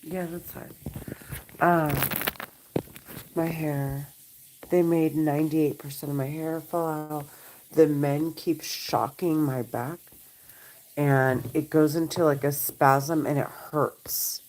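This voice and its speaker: A woman's voice: deep voice, steady tone, slow pace, long pauses, darkish tone, low-quality recording. A woman recording a vlog at home, talking in an agitated, pleading, repetitive way. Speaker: vlogger. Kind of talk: monologue to camera.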